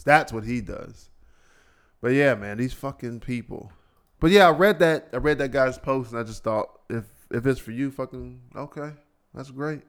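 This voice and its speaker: Male podcast host, profane exasperated solo rant with mocking impressions, ordinary mid pitch. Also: clear, resonant tone.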